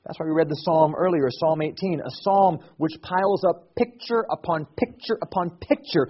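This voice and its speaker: A middle-aged man preaching a sermon in a slightly husky, fairly high voice. His delivery swings widely, from ringing emphatic declarations down to hushed, intimate reflection. The recording is dull and lo-fi. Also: moderate pace, few pauses. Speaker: pastor.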